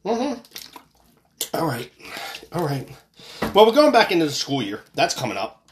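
A man's voice: a little high, wildly swooping pitch, normal speed, slight background noise. A man hosting a casual podcast, ranting about politics in a profane, angry way, with sarcastic outbursts and repeated words when worked up. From United States. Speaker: podcast host.

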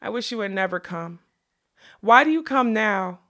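A woman's voice: mid-range voice, normal speed, vocal fry. Woman reading as a fierce, bitter ragged camp woman. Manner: sharp, scolding and bitter. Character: fierce weathered middle-aged woman camp cook. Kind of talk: audiobook character reading.

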